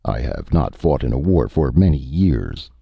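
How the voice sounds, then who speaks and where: A boastful alien chief and god-king of a warrior race, as a man reads him, speaking with stern, stately command. The voice sits extremely deep with a gravelly, husky edge. It comes through a dull, muffled lo-fi recording. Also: big pitch swings, moderate pace, no room sound, full character voice. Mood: proud, stern.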